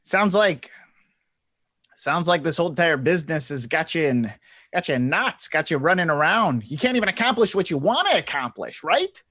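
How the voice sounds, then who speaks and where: A man with a slightly high voice plays a tabletop game, thinking aloud in a hesitant, thoughtful way about what his character does. The sound is dry and close. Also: big pitch swings, moderate pace, bright, forceful tone, dry recording. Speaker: player.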